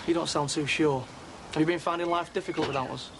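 A man's voice: on the high side, steady tone, a little fast, vocal fry. An actor playing a persuasive man trying to lure a former friend back, coaxing and insistent. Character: smooth, pushy man luring back a lost friend. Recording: noisy outdoor TV drama audio.

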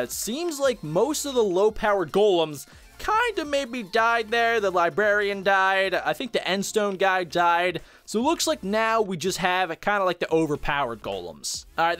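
A young man giving excited, exclamatory commentary while playing and showcasing a game mod, chatting to his viewers. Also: sits high. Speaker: gaming YouTuber. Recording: faint background music.

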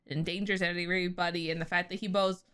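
A woman's voice: fairly low pitch, level tone, quick pace, fairly bright tone, clear, resonant tone. A young woman reacting to a cartoon episode on her vlog, emotional and thinking aloud, laughing through her upset. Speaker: reaction vlogger.

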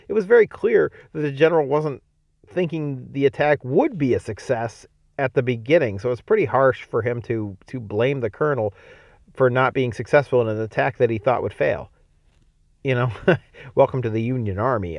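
A man teaching a homeschool literature lecture, reading a novel aloud and thinking out loud about it in a conversational way. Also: mid-range voice, lively intonation, normal speed, gravelly, no echo, muffled recording.

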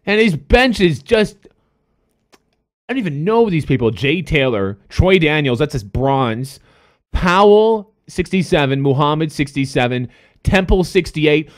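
A young man streaming a basketball video game, yelling and swearing loudly at the players as he commentates. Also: fairly high pitch, sing-song, measured pace. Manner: loud, profane, yelling at the game. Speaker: gaming streamer. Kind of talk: excited gameplay commentary.

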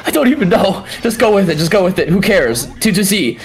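A tournament commentator doing excited fighting game play-by-play, yelling and swearing at big moments, then breaking the action down quickly in between. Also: mid-range voice, soft background music. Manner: explosive yelling and swearing, frequent exclamations; calmer fast breakdowns between outbursts.

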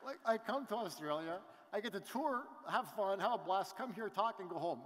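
A middle-aged man from Canada giving an animated motivational talk on stage, telling stories with asides to the crowd. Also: high-pitched, normal speed, hardly any pauses, slight background noise. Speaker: business event speaker. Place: large event hall. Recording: reverberant hall.

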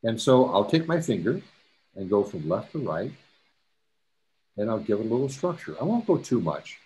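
Presenting to a camera club, a Canadian man teaches photo editing step by step in a lowish, darkish voice with big pitch swings at a moderate pace. Chatty and repetitive, he tosses in jokey asides, with slight background noise present.

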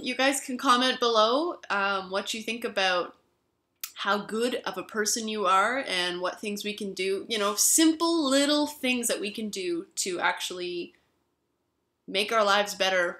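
Woman vlogger, reflective storytelling, bright voice, mid pitch, "you know" fillers, echoey room.

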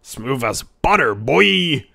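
A young man streaming casually, with a grainy, raspy voice and a goofy, loud manner. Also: mid-range voice, sing-song, slow pace. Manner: goofy, loud, swings to shouting. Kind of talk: casual live-stream chat.

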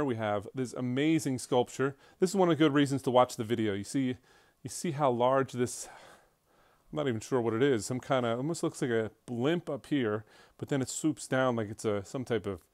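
A man's voice: mid-range voice, moderate pace, a little mellow, no room sound, studio quality. A man from an auction house narrating a casual walkthrough video of a large showroom, chatty and enthusiastic, with frequent fillers and restarts.

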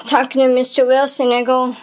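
A middle-aged woman talks straight to her viewers in a casual vlog. She is chatty and heartfelt, and she keeps encouraging herself in a high, bright voice. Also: monotone, a little fast. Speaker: vlogger.

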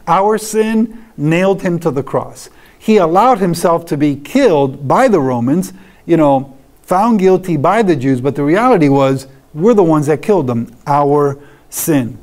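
A man's voice: a little high, animated, unhurried, darkish tone. A man teaching a church doctrine class in a conversational way, asking his listeners questions and answering them. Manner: conversational, asks rhetorical questions.

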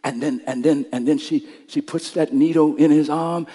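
A male pastor preaching a sermon, telling stories and building up to shouted climaxes. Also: on the high side, steady tone, moderate pace, slightly rough, in a large hall.

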